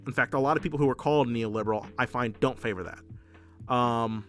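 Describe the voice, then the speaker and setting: A man's voice: mid-range voice, a little fast, faint music behind. A man doing livestream political commentary, reading chat as he goes, heated and profane, often restarting his sentences. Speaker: political streamer.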